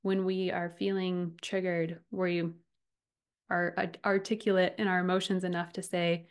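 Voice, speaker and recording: A woman in her thirties hosting a podcast, talking earnestly and from the heart about relationships, often with a soft laugh. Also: on the low side, level tone, moderate pace, clear, resonant tone. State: getting emotional. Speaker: podcast host and relationship coach. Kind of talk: personal podcast monologue.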